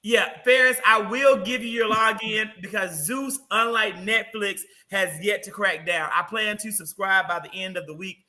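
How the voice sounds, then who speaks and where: High bright-voiced teasing man. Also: soft background music. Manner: animated, teasing, quick banter. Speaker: guest host. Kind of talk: casual chat.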